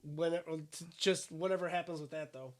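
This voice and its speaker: A man co-hosting a podcast in casual chat, blunt and quick to argue, swearing freely. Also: a little high. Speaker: podcast co-host.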